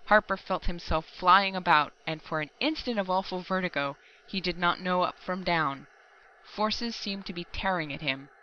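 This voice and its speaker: A woman narrating a science fiction story aloud in a steady, measured audiobook reading. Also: fairly low pitch, muffled recording, slight background noise. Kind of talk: scripted narration.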